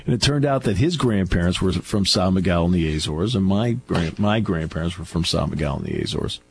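A middle-aged man with a deep voice hosts a radio talk show from the studio, telling stories briskly and chattily with restarts. There's slight background noise.

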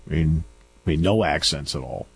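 A man's voice: rumbling low, brisk, gravelly, breathy edge. A middle-aged man hosting a radio talk show, telling stories in a chatty way with restarts. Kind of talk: casual radio chat. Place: radio studio.

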